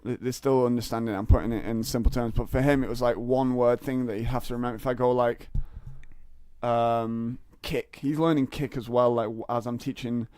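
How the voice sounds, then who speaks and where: A man's voice: medium pitch, steady tone, a little fast, a little mellow, smooth, no echo. A young man, a comedian and podcast guest, telling rambling stories in casual chat with lots of fillers and restarts.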